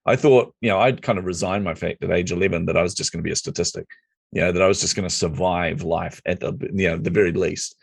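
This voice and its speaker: A middle-aged man from New Zealand, a guest on a podcast, rattles through his story in a low, creaky voice with a breathy edge, acting out the dialogue along the way. The casual storytelling interview is recorded close, dry, and without room sound.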